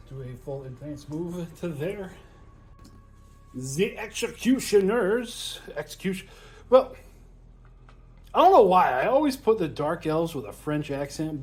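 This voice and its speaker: This tabletop wargame player and channel host speaks on the high side, with a slightly mellow quality. Presenting a battle report, he keeps things casual, tallying dice aloud and laughing frequently.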